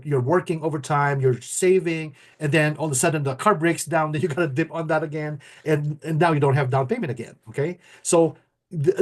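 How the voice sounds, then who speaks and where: A middle-aged man co-hosting a casual talk, excited and stammering often as he restarts his sentences. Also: a little high. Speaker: co-host.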